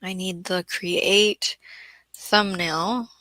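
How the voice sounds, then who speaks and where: A woman hosting a casual gardening livestream, tired after a bad day, chatting and thinking aloud while reading viewer comments and clearing her throat often. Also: lowish voice, steady tone, very slow, pushed and bright, no room sound. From Southeast Florida. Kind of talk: casual live-stream chat reading comments.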